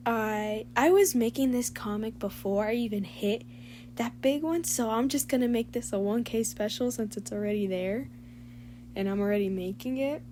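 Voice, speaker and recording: A woman's voice: fairly high pitch, measured pace, a little mellow, slight background noise. A young woman who makes fan voice-overs, chatting casually with her viewers in a gushing, emotional, rambling way. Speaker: fan voice-over creator.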